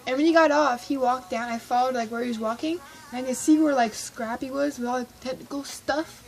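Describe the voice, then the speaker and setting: A woman vlogging about a concert, telling it in an excitable, gushing way and acting out her own reactions. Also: high voice, creaky, low-quality recording. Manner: gushing, excitable, fast-shifting, reenacts her own squeals. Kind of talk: excited casual storytelling.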